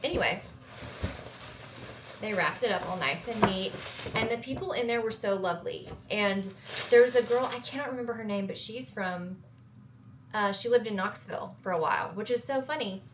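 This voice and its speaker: A young woman with a Southern US accent chats to her viewers in a casual vlog. She sounds upbeat and playful, laughing at her own reasoning, her voice sitting at a mid pitch. A faint steady hum runs under her. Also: moderate pace. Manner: chatty, upbeat, self-joking. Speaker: travel vlogger.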